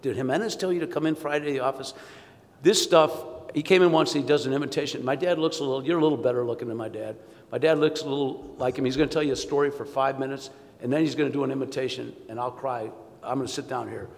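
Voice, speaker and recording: A man with a gravelly voice tells wry, self-deprecating family stories in a keynote speech. He sounds like an orthopedic surgeon at a conference, and his voice carries a long hall reverb. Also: mid-range voice, quick pace.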